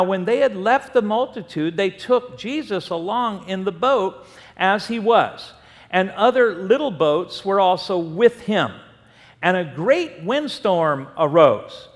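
A middle-aged man preaching a sermon, telling stories and acting out the voices in them. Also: high voice. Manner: animated storytelling, acting out voices. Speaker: pastor. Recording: long hall reverb.

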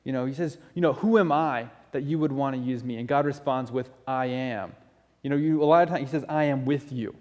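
A man's voice: mid-range voice, fairly quick, a little mellow. A man preaching a sermon in an earnest, conversational way, often restarting his phrases. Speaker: pastor. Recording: long reverb of a large hall.

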